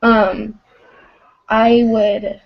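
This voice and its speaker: A woman's voice: fairly high pitch, level tone, drawn-out words, gravelly. A teenage girl from Kansas calls in on a lo-fi voice chat, her voice worn down by sickness. She tells a creepy story hesitantly, leaning on "um" and "like" as she goes. The line sounds dull and muffled. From Kansas, USA. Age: teens. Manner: hesitant, many "um" and "like" fillers. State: sick. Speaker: caller. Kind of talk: telling a ghost story on a voice call.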